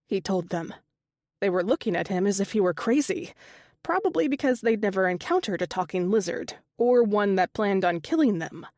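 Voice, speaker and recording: Woman, audiobook narrator, mid pitch, steady storytelling, dry close sound. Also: moderate pace, no room sound. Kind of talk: scripted narration.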